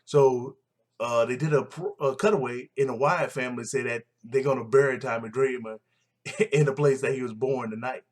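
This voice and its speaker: A man's voice: mid-range voice, moderate pace. A man casually recapping a wrestling show, blunt and opinionated, rambling with fillers and restarts.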